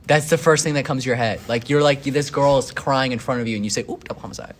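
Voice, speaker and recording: A young man chatting casually with a friend, in an ordinary middle-pitched voice. He tells stories in an animated way and throws out incredulous questions. A faint background hiss sits under the recording. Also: fast. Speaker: host. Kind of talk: casual chat.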